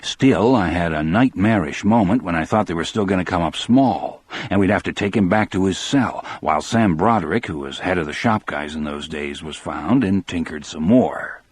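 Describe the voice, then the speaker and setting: A man narrating an audiobook in the first person with a measured, steady delivery. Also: deep voice, breathy edge, no room sound.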